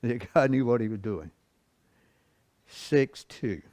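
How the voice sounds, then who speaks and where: A man's voice: medium pitch, expressive, slow pace, darkish tone, dry recording, clean studio sound. A man teaching a church Bible lesson, reading scripture and explaining it in a folksy, conversational way with rhetorical questions and chuckles. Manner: asks the class rhetorical questions.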